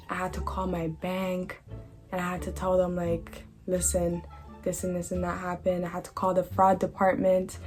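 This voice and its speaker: Slangy young woman telling a storytime. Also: fairly low pitch. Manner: animated, slangy, trailing off into unfinished sentences. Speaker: vlogger. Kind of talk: casual storytime.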